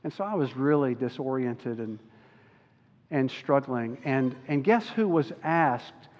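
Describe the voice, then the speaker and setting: A man preaching a sermon as a pastor, earnest and slowing down on key words. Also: medium pitch, lively intonation. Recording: dull recording with long hall reverb.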